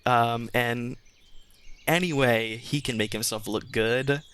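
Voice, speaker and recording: A man narrating a tabletop game as game master, relaxed and amused. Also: mid-range voice, slow pace, smooth.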